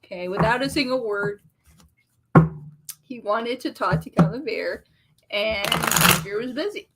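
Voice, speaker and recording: A woman reads tarot for her live viewers in a slow, easygoing way. She chats casually and teases her audience. The recording carries a clear layer of noise behind her. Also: a little high, lively intonation. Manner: chatty, teasing, laughs easily. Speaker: tarot reader on a livestream. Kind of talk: casual live-stream chat.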